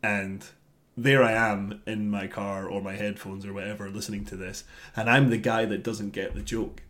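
A man's voice: fairly low pitch, moderate pace. A man in his thirties co-hosting a podcast, ranting casually about an album he disliked and swearing freely. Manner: grumbling, animated rants, swears freely. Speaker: podcast co-host. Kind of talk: casual album review chat.

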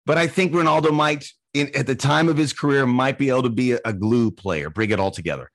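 A man hosting a casual podcast, easygoing and quick to laugh. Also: medium pitch, no room sound. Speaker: podcast host.

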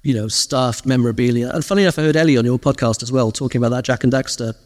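Man guest, quick anecdotal storyteller, live stage, long hall reverb. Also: mid-range voice. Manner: lively storyteller, animated quoted asides. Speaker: interview guest, former games PR director. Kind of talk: casual anecdotal interview.

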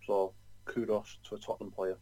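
A man's voice: lowish voice, flat delivery, brisk, dark tone, dry recording, rough recording. A man co-hosting a football podcast, talking in a loose, chatty way full of "you know" asides. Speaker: podcast co-host. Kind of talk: casual chat.

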